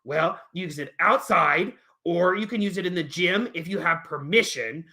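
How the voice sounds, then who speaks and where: A bouncy, overeager grizzly bear puppet, forever itching to shout, talks in a raised, bright and loud voice, put on by a man. He is a kindly bear who simply loses control of his excitement. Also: high voice, normal speed, voice pushed up. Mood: excited. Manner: eager, bursting to shout, whiny when told no.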